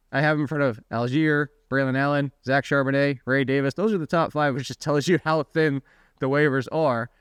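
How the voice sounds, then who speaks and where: A man hosts a fantasy football podcast from a dry, close-miked spot, talking in a smooth, clear voice at an everyday pitch. He is chatty and animated and keeps tossing quick asides and questions to his co-host. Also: no echo. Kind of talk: casual podcast chat.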